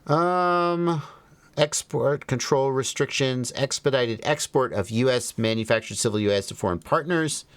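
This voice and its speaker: A man's voice: medium pitch, normal speed, clear, resonant tone, dry recording. A man hosting a livestream, reading phrases aloud and commenting wryly as he thinks them through. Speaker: livestream host.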